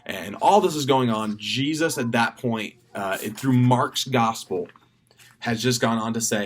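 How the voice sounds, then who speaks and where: A man leading children's ministry, briefing volunteers in a relaxed, chatty, self-deprecating way. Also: mid-range voice, unhurried. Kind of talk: casual volunteer training briefing.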